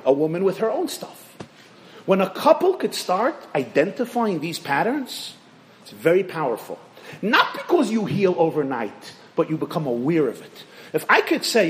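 A man giving a sermon as a rabbi, with a high, very lively voice that climbs and falls throughout. He tells his stories animatedly and keeps turning to the audience with direct questions. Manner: animated storytelling, rising and dropping sharply in pitch and volume.

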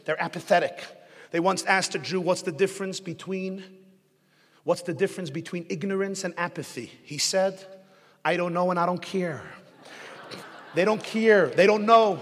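A man, a rabbi, giving a sermon full of jokes and stories, rising to loud emphatic peaks. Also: high-pitched, slight background noise. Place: synagogue hall. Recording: echoey hall recording.

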